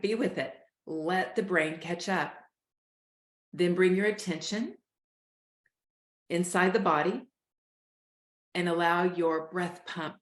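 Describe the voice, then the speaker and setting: Lady talking folks thru breathing steps, lowish voice, roomy echo. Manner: calm, coaching, addresses listeners as "y'all". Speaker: host, life coach. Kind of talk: guided breathing instruction.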